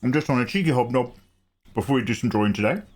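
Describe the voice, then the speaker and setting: A man's voice: medium pitch, fast, husky. A man hosting a casual livestream, greeting viewers by name in a chatty way and laughing often. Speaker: art livestream host.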